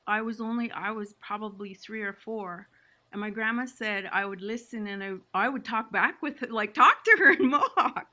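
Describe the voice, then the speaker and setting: A woman's voice: a little high, moderate pace, sharp tone. A woman from Six Nations, Canada, a podcast guest telling her family story in an emotional, reflective way. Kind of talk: podcast conversation.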